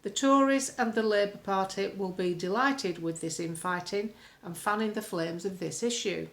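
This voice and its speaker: A woman's voice: mid-range voice, moderate pace. A woman from the UK, a political commentator, recording a blunt, opinionated vlog monologue at home with colourful sayings. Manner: blunt, colloquial, earthy sayings.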